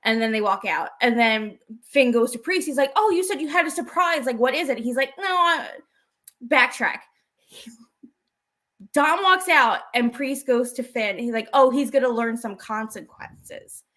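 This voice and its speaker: Chatty woman with a high voice, recapping wrestling on a podcast, quick little quotes. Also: pushed and bright. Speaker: podcast co-host. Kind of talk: casual wrestling recap chat.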